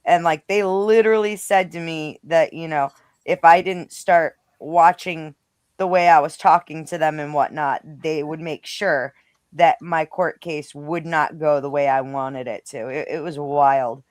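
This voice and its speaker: A woman's voice: low-pitched, steady tone, measured pace, no echo, studio quality. A woman speaking bluntly and swearing freely as a panelist in a casual political chat. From Rhode Island.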